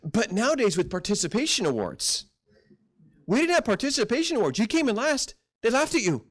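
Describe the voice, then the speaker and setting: A man's voice: extremely high pitch, big pitch swings, fairly quick. A middle-aged male pastor preaching a sermon in a folksy storytelling way, acting out quoted voices.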